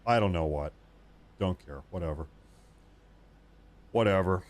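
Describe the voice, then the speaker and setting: A man's voice: deep voice, unhurried. A man hosting a live stream, talking casually and rambling, often restarting and muttering asides to himself.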